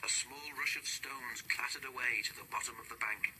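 Man narrator for a storybook, bright crisp voice, faint hiss. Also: medium pitch, fairly even intonation, moderate pace, poor audio. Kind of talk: storybook reading.

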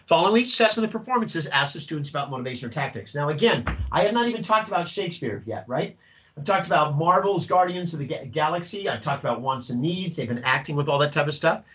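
A middle-aged man, a drama teacher leading a workshop for other teachers, talking in an animated way and acting out student voices. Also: on the high side, fast, poor audio.

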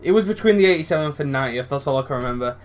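Excitable man commentating his gameplay. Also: a little high, very fast, faint music behind. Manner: excitable, swears freely, rambling, shouts at big moments. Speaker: gaming channel host.

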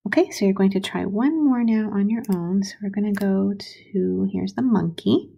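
Woman teacher, patient and slow for young children; warm, slightly gravelly voice. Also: medium pitch. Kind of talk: recorded early-grade writing lesson.

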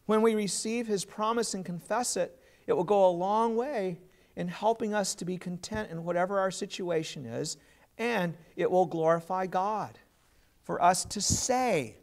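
A man's voice: sits high, a little slow. A man preaching a sermon as pastor, earnest and plain, putting questions to his congregation.

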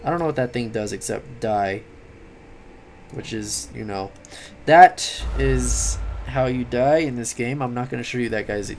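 A tired young man giving late-night game commentary, rambling, swearing and yelling at the game. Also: mid-range voice, a little slow, slight background noise. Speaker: gaming commentator.

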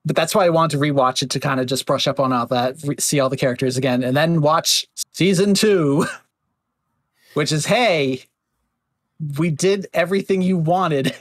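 In a casual podcast chat, a male host talks in a slightly raised, fairly high voice. He rambles easily, packing his speech with fillers and slipping into quick mocking voices. The recording is dry and close, with no room sound or echo.

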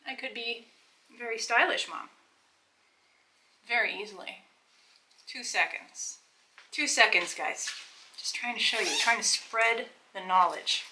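A woman's voice: fairly high pitch, bright, forceful tone, a little hiss or hum, low-quality recording. A middle-aged woman hosting a casual try-on vlog, chatting enthusiastically as she explains and shows things to the viewer. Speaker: fashion vlogger.

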